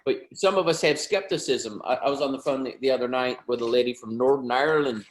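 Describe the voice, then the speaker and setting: A man in his thirties hosting a video call, giving an upbeat, joking sales pitch. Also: fast, roomy sound.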